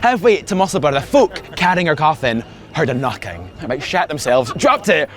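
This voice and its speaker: Lively Scottish man guiding a tour. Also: fairly quick. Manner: animated storyteller, rises in pitch for punchlines. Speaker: tour guide. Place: outdoors on city streets.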